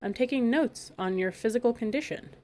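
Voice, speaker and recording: A woman's voice: fairly high pitch, brisk, warm tone, voice pushed up, close to an everyday voice. A woman reading aloud, voicing a clever, spirited young princess in a storybook.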